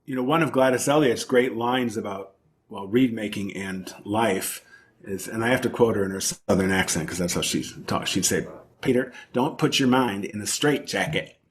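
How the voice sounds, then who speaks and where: A man's voice: on the low side, moderate pace. Thoughtful man explaining at length. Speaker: principal oboist and oboe professor, interview guest. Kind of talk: conversational interview.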